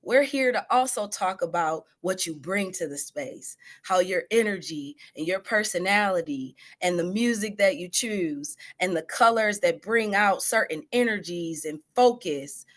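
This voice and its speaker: A woman's voice: on the low side, animated, unhurried, hardly any pauses, fairly bright tone. A woman leading an online training session over a video call, affirming each participant and calling out encouragement. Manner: effusive, affirming, calls out encouragement. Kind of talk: energetic workshop facilitation.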